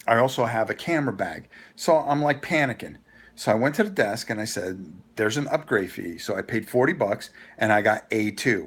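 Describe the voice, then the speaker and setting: A man hosting a casual live vlog, telling a rambling, animated story with frequent restarts. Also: mid-range voice. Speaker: host.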